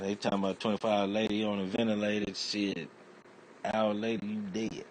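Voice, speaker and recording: This man talks from very low in his chest, loose and rambling as he spins out a comic rant full of cursing. He drifts from point to point in a streetwise, offhand way. A faint hum of noise sits under his voice. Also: little pitch movement, normal speed. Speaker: internet comedian. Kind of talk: comedic rant monologue.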